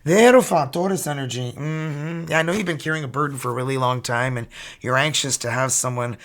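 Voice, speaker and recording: Animated man, gravelly voice. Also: medium pitch, fairly quick. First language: French. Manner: animated, teasing and chatty. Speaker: tarot reader. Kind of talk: casual tarot reading.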